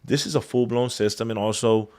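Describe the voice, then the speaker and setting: A man's voice: medium pitch, brisk, darkish tone. A man, a contractor guest, talking in an easygoing, agreeable way during a casual interview. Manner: easygoing, agreeable, laughs along. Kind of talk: casual conversation.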